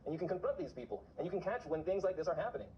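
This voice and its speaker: A man's voice: a little high, sing-song, racing, muffled recording, a little hiss or hum. A man talking to camera in a casual vlog, urgently exhorting his viewers. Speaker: vlogger on remote viewing.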